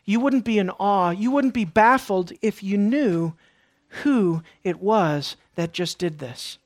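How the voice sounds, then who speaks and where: A man preaching a sermon, moving between hushed lines and emphatic questions. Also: sits high, lively intonation, slow, dry recording, clean studio sound. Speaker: pastor.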